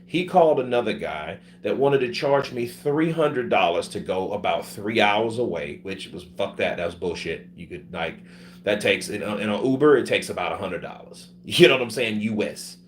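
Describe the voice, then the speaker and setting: A man with a fairly low voice tells his story casually and swears freely. He is sick, and he acts out the people he talks about. A faint hum runs behind him. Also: normal speed. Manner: profane, animated, acts out other people's voices. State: sick with covid. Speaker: vlogger telling his travel story.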